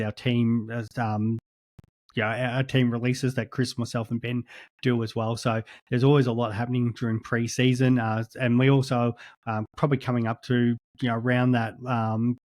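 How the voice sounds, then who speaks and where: Flat-voiced Australian man chatting. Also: mid-range voice, dry recording. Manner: hesitant, lots of ums and restarts. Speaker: podcast guest. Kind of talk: casual podcast chat.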